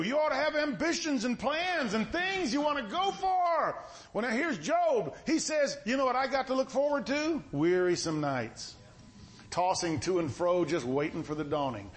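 A middle-aged man preaching a sermon in a folksy, conversational way, with a voice that sounds stern even when he is not angry. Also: extremely high pitch.

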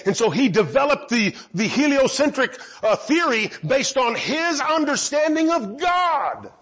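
A man's voice: extremely high pitch, animated, a little slow, hardly any pauses, fairly bright tone, dull audio. A man giving a Bible teaching talk, asking rhetorical questions and answering them himself.

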